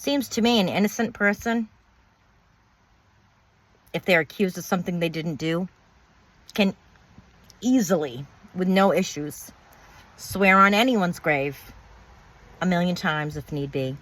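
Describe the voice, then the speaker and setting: A woman's voice: fairly low pitch, measured pace, long pauses, a bit bright. A woman telling her own story of betrayal in a bitter, emphatic way, repeating words and swearing. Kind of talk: personal storytelling monologue.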